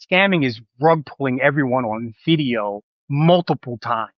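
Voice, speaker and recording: A man's voice: a little high, no room sound. Impassioned man ranting, dry dull sound. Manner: emphatic, pleading, rising to loud reproach. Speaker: podcast host. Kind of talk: impassioned rant to the audience.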